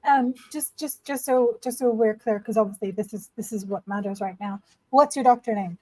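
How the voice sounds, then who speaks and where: A woman playing in a tabletop role-playing game, playful and halting as she speaks. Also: on the high side, mellow, rough recording. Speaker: player.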